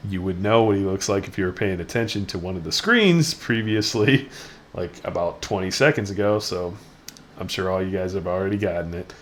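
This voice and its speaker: Crude, rambling young man, deep voice. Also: brisk. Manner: rambling, crude and self-mocking. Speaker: gaming channel host. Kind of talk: casual let's-play commentary. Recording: echoey room with faint noise.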